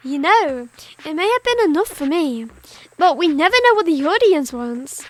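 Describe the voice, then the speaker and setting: A woman's voice: high voice, sing-song, moderate pace, dry recording. A woman voicing a cheerful, sadistic girl who hosts a show, speaking in a sweet, mocking sing-song while reading game dialogue. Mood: gleeful.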